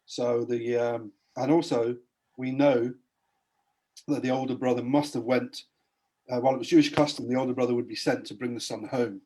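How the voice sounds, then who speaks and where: A man's voice: medium pitch, fairly even intonation, moderate pace, warm tone. A man giving a spoken testimony as a podcast guest, earnestly retelling a Bible story in a preacher-like way.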